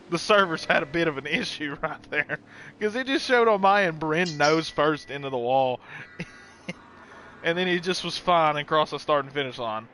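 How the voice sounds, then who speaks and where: A man doing casual commentary on a sim racing event, excitable and laughing easily. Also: fairly high pitch, a little hiss or hum. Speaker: race commentator.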